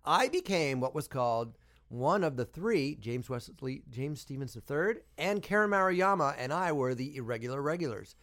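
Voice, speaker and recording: A man in his fifties, a voice actor guest, telling stories in casual chat with sudden jumps into high voices. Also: moderate pace. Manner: animated storyteller, bursts into high voices.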